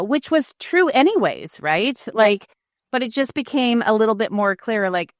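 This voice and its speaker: A woman's voice: a little high, animated, normal speed, no echo, clean studio sound. A middle-aged woman, a former news anchor, talking frankly and reflectively as an interview guest, often restarting her sentences. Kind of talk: candid interview conversation.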